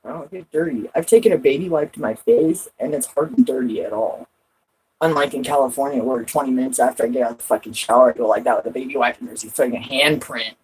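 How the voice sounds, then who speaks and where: A woman's voice: a bass voice, quick pace, a little mellow, breathy edge, rough recording. A woman vlogging from home in casual rambling chat, swearing a lot and laughing often.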